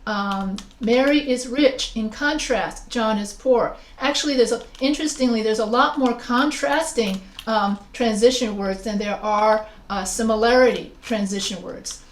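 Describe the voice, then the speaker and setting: A woman's voice: a little high, unhurried, few pauses. A female writing instructor giving an online class lecture. She explains step by step and quizzes her students with questions. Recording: roomy echo with faint noise.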